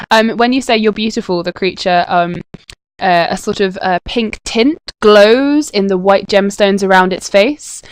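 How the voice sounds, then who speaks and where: A woman's voice: mid-range voice, measured pace, smooth, no echo, low-quality recording. A woman narrating a tabletop game as game master, descriptive and full of hesitant fillers.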